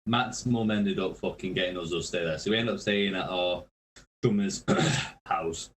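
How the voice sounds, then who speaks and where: Low-voiced man telling tour stories. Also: normal speed, rough recording. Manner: swearing, laughing mid-sentence. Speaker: guest musician. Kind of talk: casual storytelling.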